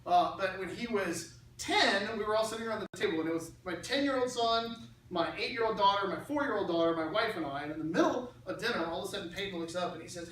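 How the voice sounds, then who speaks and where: A middle-aged man gives an animated, persuasive lecture in a large church hall. He talks conversationally and circles back to key phrases for emphasis. The sound is distant and heavily echoed, with a faint hum of noise underneath. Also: sits high, fast talker. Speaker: speaker.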